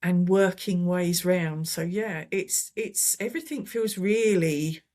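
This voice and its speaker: A woman's voice: fairly low pitch, slow pace, a little mellow. A woman, a holistic therapist, talking enthusiastically as an interview guest, often repeating words as she gathers her thoughts. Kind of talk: casual testimonial chat.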